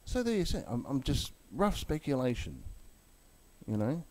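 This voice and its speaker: A man's voice: medium pitch, wildly swooping pitch, moderate pace, darkish tone. A man ranting heatedly and swearing bluntly about the crypto market, then walking through chart analysis in a video. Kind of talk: angry rant and chart commentary.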